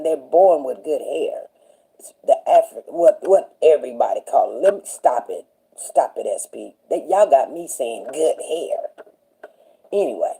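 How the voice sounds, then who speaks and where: A woman's voice: deep voice, mellow, breathy edge, poor audio. A middle-aged woman hosting a casual live talk show, rambling through stories and often checking in with her viewers. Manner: rambling, storytelling, often asking "you know what I'm saying". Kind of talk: casual livestream chat.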